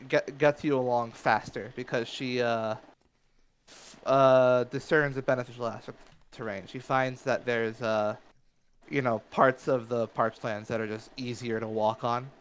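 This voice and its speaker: A man's voice: mid-range voice, fairly even intonation, measured pace, smooth, poor audio. A man narrating as game master of a tabletop game, hesitant and full of fillers.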